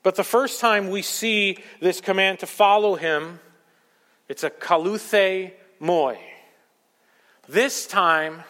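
A man preaching a sermon as pastor, emphatic, swinging between loud rising peaks and quiet low asides. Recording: long hall reverb.

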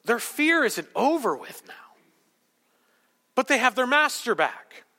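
A man's voice: extremely high pitch, sing-song, measured pace, bright, forceful tone, in a large hall. A man preaching a sermon as a pastor, teaching through a passage and asking rhetorical questions.

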